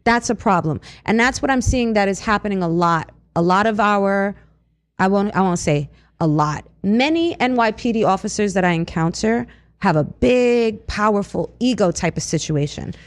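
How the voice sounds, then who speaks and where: A woman co-hosting a radio talk show, chatting casually and telling animated stories with frequent laughs. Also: medium pitch, normal speed. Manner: animated, storytelling, laughs often. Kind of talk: casual chat.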